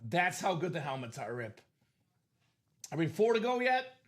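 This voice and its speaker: High, lively male card-break host. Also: normal speed. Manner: animated, explains rules to chat. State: coughing, losing his voice. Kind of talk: live stream sales chat.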